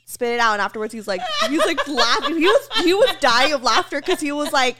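A woman's voice: high voice, big pitch swings, fast, noisy background. A young woman co-hosting a casual chat, telling frank stories animatedly and laughing as she goes. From Philippines heritage. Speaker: podcast co-host.

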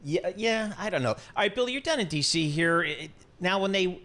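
A male radio host running a live financial show, brisk and jokey, quick to pass the talk to his guests. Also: high-pitched, lively intonation, bright, forceful tone.

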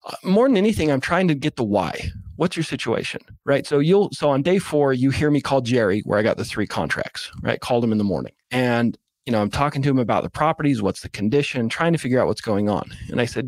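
A man's voice: mid-range voice, lively intonation, fast, dry recording. A man in a casual interview explaining how he makes sales calls, acting out phone scripts in a coaching tone. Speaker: real estate investor guest.

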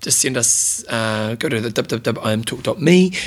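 A man's voice: medium pitch, animated, moderate pace. A man co-hosting a podcast, chatting casually and laughing often. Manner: laughs often, jokey banter. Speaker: podcast co-host. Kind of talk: casual chat.

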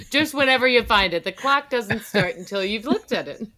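A woman's voice: a little high, expressive, normal speed, pushed and bright. A woman who is a returning regular on a comedy podcast, giggly and teasing the others. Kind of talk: casual comedic banter.

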